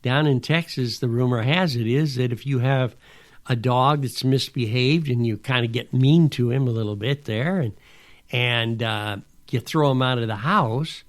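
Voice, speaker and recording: A man's voice: medium pitch, moderate pace. A man hosting a podcast in a rambling, folksy monologue with sarcastic asides. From Pacific Northwest. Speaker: podcast host. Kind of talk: casual monologue.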